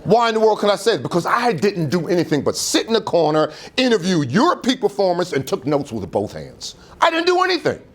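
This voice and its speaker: In an auditorium, a male motivational speaker with a high-sitting voice delivers a fairly quick speech with hardly any pauses. His animated, preacher-like style is full of rhetorical questions aimed at the audience.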